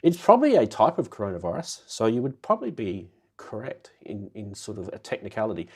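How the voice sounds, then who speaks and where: A man hosting a live synth show in casual chat, his voice nasal and muffled from a cold, chatty and quick to laugh as he greets viewers by name. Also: on the low side, very animated, slightly rough.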